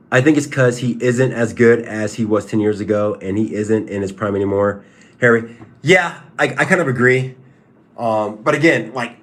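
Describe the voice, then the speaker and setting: A man's voice: mid-range voice, a bit bright. Stop-start man chatting on a livestream. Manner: repetitive, stop-start, emphatic. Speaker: livestream host and fighter. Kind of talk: casual livestream commentary, answering chat.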